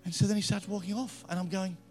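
A middle-aged man with an Australian accent preaching a story-filled sermon, swinging between loud punches and hushed asides. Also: sits high, little pitch movement, fast. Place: church with live band. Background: faint music from a band.

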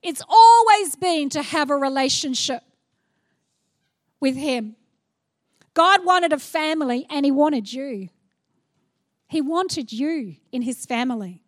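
A middle-aged woman preaching a sermon, animated and playful, acting out little scenes as she goes. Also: high-pitched, slow pace, long pauses, dry recording, clean studio sound.

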